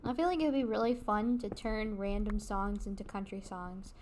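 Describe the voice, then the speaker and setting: A woman's voice: medium pitch, fairly even intonation, normal speed, darkish tone, slight background noise. A young woman streaming a game, chatting casually and rambling between made-up song lines. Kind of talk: casual chat while gaming.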